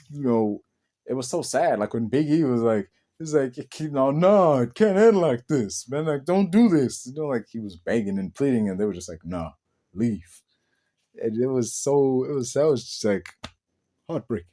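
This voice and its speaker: A man hosting a casual spoken wrestling review, animated and rambling, swearing casually as he talks. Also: mid-range voice.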